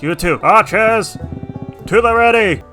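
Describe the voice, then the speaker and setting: A man narrates his strategy game in a casual, dry way and talks to his little soldiers by name. His voice is bright and moves over a wide pitch range, jumping to loud excitement when a fight turns. Faint music plays under him. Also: unhurried. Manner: dry, self-described reserved, bursts into excited yelling at battles. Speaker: gameplay commentator. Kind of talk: casual gameplay commentary.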